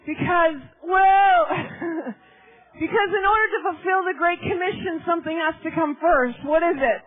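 A woman preaching ecstatically at a church meeting, shouting exclamations and breaking into laughter and tears as she speaks. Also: very high voice, fairly quick. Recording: tinny phone-like live recording.

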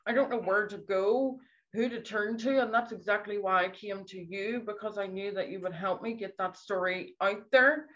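A woman's voice: medium pitch, normal speed, a bit bright. Earnest Scottish woman on a lo-fi call. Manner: earnest, pleading, repeats for emphasis. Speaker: guest. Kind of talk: emotional interview testimony.

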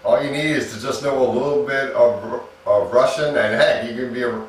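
A man with a mid-range voice gives a casual spoken movie review at a moderate pace, chatting away, laughing at his own jokes, and often restarting his sentences. The room is echoey, the mic is at a distance, and there is slight background noise.

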